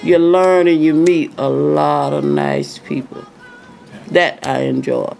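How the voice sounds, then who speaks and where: With faint music behind her, an older woman speaks slowly in a low, creaky, slightly mellow voice that is expressive. She's a former singer in a casual storytelling interview, chatty, imitating voices from her stories and saying "you know" often.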